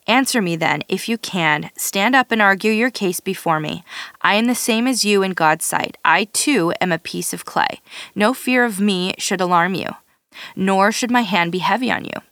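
A woman's voice: mid-range voice, dry recording. Woman reading scripture, dry sound. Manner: steady, measured reading with occasional slips and restarts. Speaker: scripture reader.

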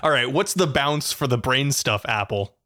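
A man's voice: mid-range voice, lively intonation, moderate pace, sharp tone, slight background noise. A man co-hosting a podcast, chatting playfully and laughing often. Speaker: podcast co-host. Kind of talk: casual chat.

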